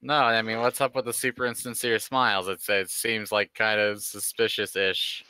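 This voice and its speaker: Bright, smooth-voiced male player. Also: fairly low pitch, little pitch movement, normal speed, no room sound. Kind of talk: casual tabletop play.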